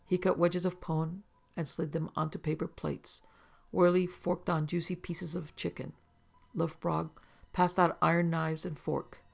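A man narrating an audiobook story in a measured, descriptive way. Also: fairly high pitch, little pitch movement, vocal fry.

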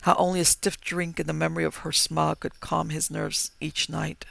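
Brief: male horror narrator, gravelly, slow and dramatic, dry close sound. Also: a little high, level tone, fairly bright tone, no echo. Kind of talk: dramatic horror story reading.

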